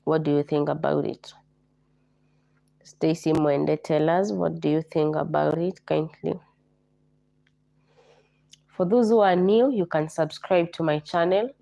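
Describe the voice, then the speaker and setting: A Kenyan woman hosts a casual livestream chat in a low, mellow voice. She is hoarse from a flu and repeats herself as she greets viewers by name. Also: steady tone, measured pace, pauses often. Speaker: livestream host.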